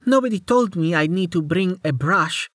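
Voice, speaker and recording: Teasing, bossy young archer girl for a storybook reading, high and lilting, done by a man. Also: animated, normal speed, fairly bright tone, no echo, clean studio sound. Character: quick-witted young woman archer, teasing.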